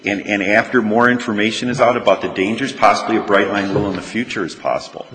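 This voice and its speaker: A man arguing as an attorney before the court, measured and hesitant. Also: fairly low pitch, fairly even intonation, a bit bright. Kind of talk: courtroom oral argument. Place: large courtroom. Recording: reverberant courtroom with faint noise.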